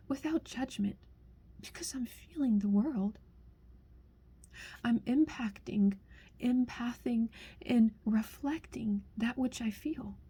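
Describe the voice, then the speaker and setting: Middle-aged woman, husky and mellow, earnest pleading monologue, drifts into half-whispers. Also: on the high side. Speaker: speaker sharing a personal message. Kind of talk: heartfelt spoken monologue.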